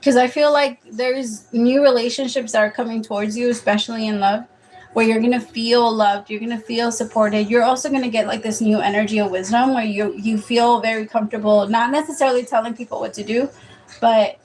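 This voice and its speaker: A woman's voice: fairly high pitch, steady tone, a little fast, a little mellow, slight background noise. A woman giving a casual live-stream tarot reading, chatty and rambling, swearing offhand and laughing often. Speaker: tarot reader.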